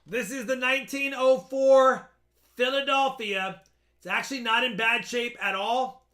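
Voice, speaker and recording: A man's voice: very high voice, fairly even intonation, unhurried, pushed and bright. A man hosting a live coin auction stream, chatting casually as he appraises coins in loose, run-on talk.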